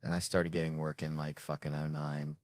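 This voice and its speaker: A man's voice: a bass voice, brisk, no room sound, clean studio sound. A man telling profane, rambling comic stories in a casual podcast chat. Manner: profane, rambling, animated anecdotes. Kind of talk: casual comedic storytelling.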